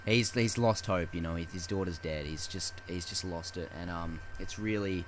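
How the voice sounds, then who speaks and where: A man with a somewhat low voice on a casual film podcast, retelling scenes with lots of swearing and quoted dialogue. A faint hum sits under the recording. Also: moderate pace. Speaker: podcast co-host.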